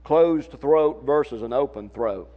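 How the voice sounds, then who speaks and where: A man's voice: mid-range voice, unhurried. A man with a Southern accent leading a church congregation in singing tips, folksy and encouraging. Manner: folksy, encouraging, demonstrates voice techniques. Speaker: church song leader. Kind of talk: singing workshop instruction. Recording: muffled lo-fi recording.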